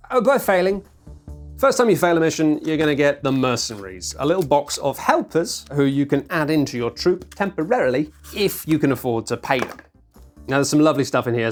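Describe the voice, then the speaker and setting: Lively, playful board game reviewer. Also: mid-range voice. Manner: playful, acts out players' lines in mock voices; chatty, self-mocking asides. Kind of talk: video review, talking to camera.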